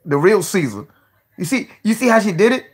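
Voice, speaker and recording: A man hosting a casual live stream, joking, cursing freely, laughing often and giving shout-outs to viewers. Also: high-pitched, very animated, brisk, slightly rough.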